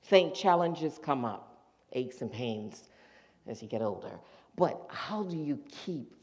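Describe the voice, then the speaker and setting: Animated preacher telling a story. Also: mid-range voice, slow pace. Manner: animated storytelling, acts out quoted voices. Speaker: minister. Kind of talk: sermon. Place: church sanctuary.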